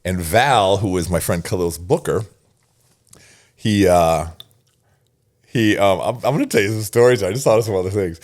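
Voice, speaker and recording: A man in his fifties, a podcast guest telling stories in a casual interview, animated, laughing often and repeating phrases. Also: sits low, normal speed, long pauses.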